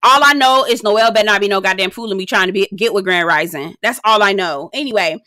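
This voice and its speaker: A woman, sassy and animated, recapping a reality show in a casual vlog, swearing freely. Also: quick pace, no room sound, clean studio sound. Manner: sassy, animated, swears freely, slips into high-pitched impressions.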